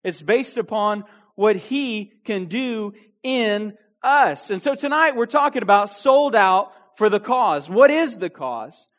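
A man's voice: high-pitched, expressive, takes it slowly, a bit bright. A man preaching a youth sermon with energy, full of restarts and asides. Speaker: youth pastor.

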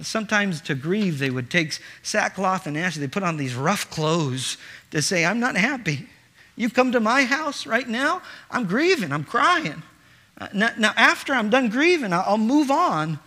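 A man's voice: on the high side, sharp tone. A middle-aged male pastor preaching a sermon in an earnest way, often repeating words as he starts a phrase.

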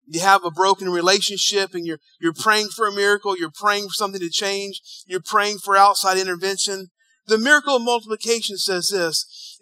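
A man preaching a sermon, telling a story and acting out the dialogue, dropping quiet and then rising loud. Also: high voice, no echo, low-quality recording. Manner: storytelling, acts out dialogue, swings between hushed and loud. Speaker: pastor.

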